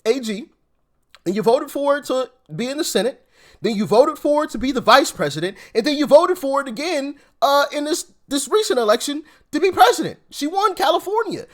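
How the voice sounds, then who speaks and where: A man's voice: very high-pitched, lively intonation, brisk. A man hosting casual reaction commentary, asking rhetorical questions in disbelief. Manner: incredulous, repetitive rhetorical questions. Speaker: commentary channel host.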